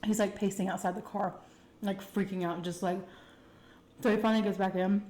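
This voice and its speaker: A woman with a Texan accent telling a candid, chatty personal story to her viewers, full of fillers and animated retellings. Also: mid-range voice, brisk, reverberant. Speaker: food vlogger telling a story. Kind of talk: casual storytime chat.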